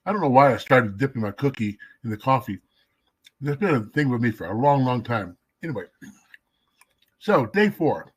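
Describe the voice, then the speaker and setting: A man giving a casual devotional teaching, emphatic, slowing down to stress key words and sometimes dropping to a whisper. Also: mid-range voice, sing-song, slightly rough. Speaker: messianic Jewish teacher.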